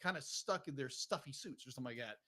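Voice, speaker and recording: A man's voice: mid-range voice, expressive, fast talker, pushed and bright. A man hosting a casual film discussion podcast, rambling and restarting his sentences. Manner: rambling, restarts often, keeps saying "be like". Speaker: podcast host.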